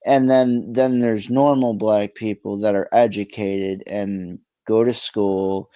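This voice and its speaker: A tired man in a casual live-stream chat, speaking haltingly with many fillers. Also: fairly low pitch, fairly even intonation, warm tone, dry recording, low-quality recording.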